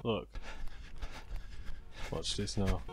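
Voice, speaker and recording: A man with doing excitable gameplay commentary, yelling and cursing at other players. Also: sits low, drawn-out words, vocal fry. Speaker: gaming YouTuber. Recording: game music playing underneath.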